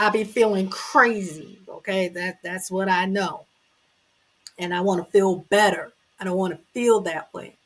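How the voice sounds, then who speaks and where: Slow, emphatic woman preaching to viewers. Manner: preachy and earnest, talks straight to the viewer; slow, emphatic and emotional, with sudden loud high bursts. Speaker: host. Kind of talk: motivational talk to viewers.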